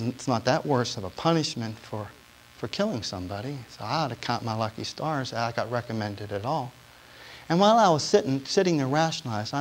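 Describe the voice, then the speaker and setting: A man giving a sermon testimony to a congregation, telling his story in a storytelling way that drops to a hush and then rises to emphasis. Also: mid-range voice, slight background noise. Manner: storytelling, swinging from hushed to emphatic.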